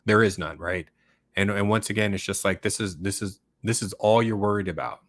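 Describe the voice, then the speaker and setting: A man with a low, deep voice talks loosely and at length to his channel's viewers, reacting to their comments as he goes. He keeps tagging his points with "right?" and breaks into short laughs. The sound is dry and close, with no room echo. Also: a little fast, a bit bright. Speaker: channel host. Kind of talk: casual livestream monologue answering viewer comments.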